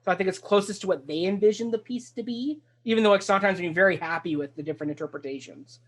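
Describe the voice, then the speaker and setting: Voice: medium pitch, fast. Host gushing about a musical, rambly, keeps restarting sentences, medium voice. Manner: enthusiastic, rambling and full of restarts. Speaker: talk show host. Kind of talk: casual discussion of a stage musical.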